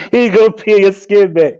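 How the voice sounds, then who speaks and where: A man hosting a live stream, talking in a casual, animated and profane way, often breaking into laughter. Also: high-pitched, muffled recording.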